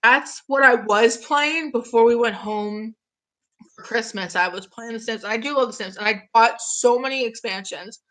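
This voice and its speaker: A woman's voice: on the high side, normal speed, a bit bright. A young woman in her twenties, getting over an illness, chatting casually on a live stream, gushing and reading out viewer comments.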